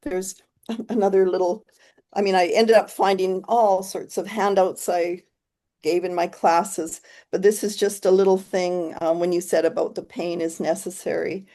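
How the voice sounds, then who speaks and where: A woman's voice: on the low side, little pitch movement, moderate pace. Reflective woman on a video call. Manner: soft-spoken, reflective, trailing off and restarting. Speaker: guest presenter. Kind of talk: casual video call chat.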